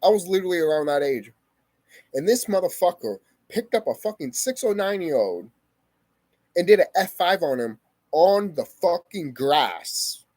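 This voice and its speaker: A young man tells a painful story to his camera in a heated, profane rush, hammering his points with repetition. His pitch swings widely as he talks. The sound is dry and close, with no room echo. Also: very animated, moderate pace, darkish tone. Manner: profane, heated, emphatic, repeats phrases. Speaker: vlogger. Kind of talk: emotional personal storytelling to camera.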